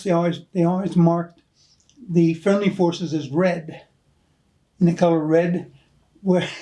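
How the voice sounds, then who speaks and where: A man's voice: on the high side, dark tone, low-quality recording. An older American man, an Army veteran, telling rambling anecdotes in an oral history interview, chuckling often. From United States. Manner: rambling anecdotal storyteller, chuckles, many "you know"s. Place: hotel room.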